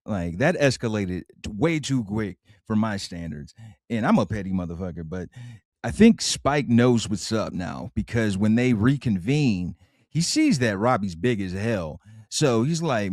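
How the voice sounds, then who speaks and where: A man co-hosting a podcast, retelling a story in casual, slangy, animated fashion. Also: on the low side, a little slow, dry recording, studio quality. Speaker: podcast co-host. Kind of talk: casual comedic recap.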